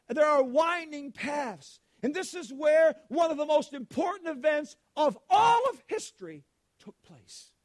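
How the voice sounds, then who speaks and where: A man preaching a sermon as pastor, impassioned, often breaking into shouts and dropping to hushed lines. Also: extremely high pitch. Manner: dramatic swings between loud proclamations and hushed lines.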